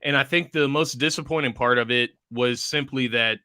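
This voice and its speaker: A man's voice: mid-range voice, moderate pace, bright, forceful tone, clean tone, dry recording, studio quality. A young man co-hosting a casual sports talk show, laid-back and agreeable, often laughing. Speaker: podcast co-host.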